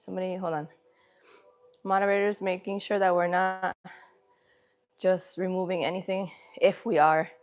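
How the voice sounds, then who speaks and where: This fitness livestreamer talks to her viewers between sets in a fairly low voice with little pitch movement, speaking at a normal speed and leaving long pauses. She's breathless, laughs a lot, and has a runny nose, and the audio has its highs cut off.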